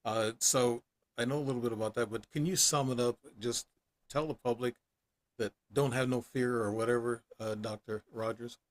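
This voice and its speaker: A man's voice: medium pitch, fairly even intonation, normal speed. A man hosting an interview show, asking long stumbling questions in casual talk. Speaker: podcast host.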